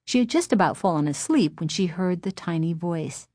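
A woman with a lowish voice reads a spooky storybook in a measured, suspenseful way, slowing down at tense moments. The sound is dry and close to the mic, with no room around it. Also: animated, a little mellow, no echo. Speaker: narrator. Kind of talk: scripted storybook narration.

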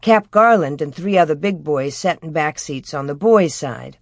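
A woman reading a children's story aloud as scripted narration, in a gentle storytelling manner, raising her pitch for the children's lines. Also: lively intonation, normal speed, dry recording, studio quality. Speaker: audiobook reader.

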